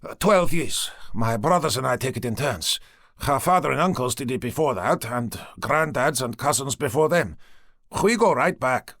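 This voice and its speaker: A man's voice: mid-range voice, animated, normal speed, a bit bright, no echo, clean studio sound. A man voicing a cheerful, skinny young man who plays a fake shaman for tourists, talking eagerly like a salesman. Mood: chirpy, eager.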